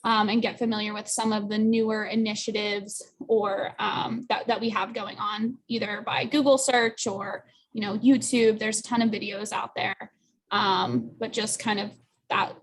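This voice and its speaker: A woman recruiter giving casual advice in a panel Q&A, with fillers and quick asides, over a video call. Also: medium pitch, flat delivery, slightly rough. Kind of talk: panel Q&A answers.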